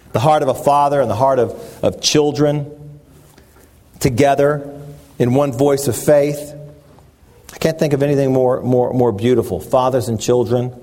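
A man preaching a sermon in an earnest, halting way, often restarting his phrases. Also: mid-range voice, warm tone.

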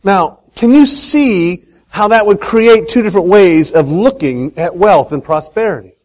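A man giving a lively talk to an audience on faith and money, asking them questions and telling a folksy story. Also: high-pitched, unhurried, poor audio. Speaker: speaker on Christian economics.

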